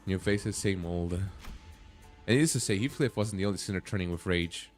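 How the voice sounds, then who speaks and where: A man's voice: low voice, moderate pace, darkish tone. A man streaming a game, reading its dialogue aloud and breaking off into blunt, swearing reactions. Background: faint game music.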